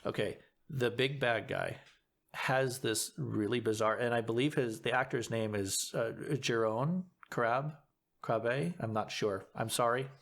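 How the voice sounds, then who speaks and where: A man talking as a guest actor on a podcast, thoughtful and halting, often restarting his sentences. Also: mid-range voice, creaky, a bit bright. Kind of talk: casual podcast chat.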